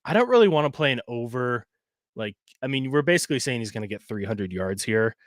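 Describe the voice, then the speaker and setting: Male co-host, casual sports-betting chat, relaxed, halting delivery, dry mic. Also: mid-range voice, dry recording. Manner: relaxed, hesitant, thinks aloud with restarts.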